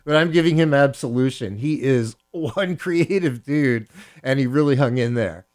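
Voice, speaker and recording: A man's voice: mid-range voice, normal speed, a little mellow. A male radio DJ host reading a listener's confession aloud, then giving playful, mock-solemn commentary with frequent chuckles.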